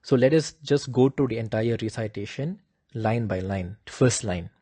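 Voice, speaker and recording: In a mellow recording with no room sound, a man patiently teaches the pitch accents of a devotional chant. He explains slowly and sings out long, drawn-out examples at a higher pitch.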